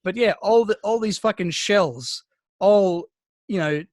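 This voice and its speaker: A man's voice: high-pitched, a little slow, darkish tone, no room sound. Man telling rambling stories. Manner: rambling storyteller, heavy swearing, many restarts. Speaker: podcast co-host. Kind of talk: casual chat.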